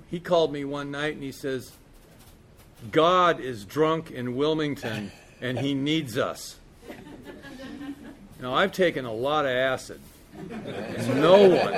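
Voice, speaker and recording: A man's voice: medium pitch, noisy background. A man candidly telling a recovery story in a casual, profane way, peppered with "man" and "you know". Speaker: speaker sharing his recovery story.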